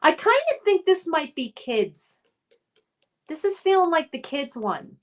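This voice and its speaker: A woman hosts a casual livestream, reading her viewers' chat messages aloud and answering them. Her voice sits a little high, and she talks in a loose, friendly way. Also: very animated, unhurried. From United States. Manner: chatty, reads chat names then responds. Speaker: streamer hosting a trivia game.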